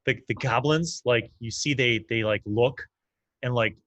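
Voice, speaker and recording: A man's voice: mid-range voice, unhurried, fairly bright tone, no echo. A man narrating as game master in a casual, loose way, with lots of fillers.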